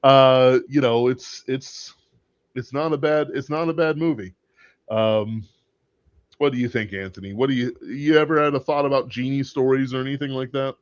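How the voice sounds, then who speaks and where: A man's voice: mid-range voice, steady tone, normal speed, no room sound. A man hosting a casual livestream chat about a movie, talking in a rambling, hesitant way with many filler words. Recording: dull, dry lo-fi audio.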